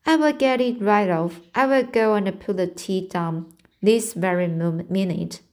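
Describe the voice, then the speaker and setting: A woman's voice: mid-range voice, unhurried, a little mellow, lightly acted. A woman reading aloud voices an eager, chatty young girl who pleads with her guest in a storybook. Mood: pleading.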